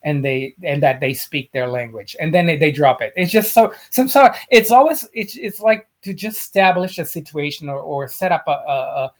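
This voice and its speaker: A man's voice: a little high, expressive, normal speed, few pauses. Emphatic man stumbling over his words. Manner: emphatic, repeats words while searching for them. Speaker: podcast co-host. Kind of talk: casual chat about film.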